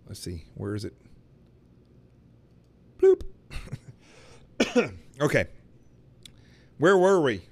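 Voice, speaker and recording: Joking talk show host from Arkansas. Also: male voice, mid-range voice, sing-song, measured pace, long pauses, darkish tone, breathy edge. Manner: joking, friendly, lots of fillers. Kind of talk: casual chat with a caller.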